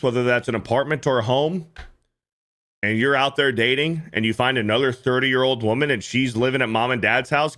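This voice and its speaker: A man's voice: medium pitch, fairly bright tone. A man hosting a livestream, reacting to clips in casual, profane commentary and often repeating himself. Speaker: livestream host.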